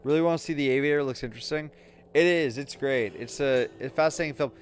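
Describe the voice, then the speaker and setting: A man's voice: medium pitch, fast, a little hiss or hum. A man casually commenting while streaming a game, joking and talking to his chat. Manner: chatty, jokey asides to chat. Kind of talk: casual let's-play commentary.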